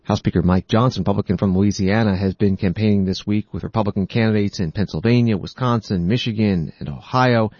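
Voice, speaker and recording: A man reading scripted news narration in a measured, even way. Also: on the low side, no room sound, highs cut off. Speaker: news anchor.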